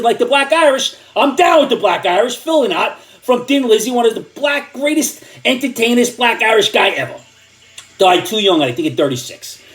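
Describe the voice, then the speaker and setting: An older man delivering an angry, sarcastic comedic rant, often repeating words as he gets worked up. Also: very high-pitched. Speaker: comedic commentator.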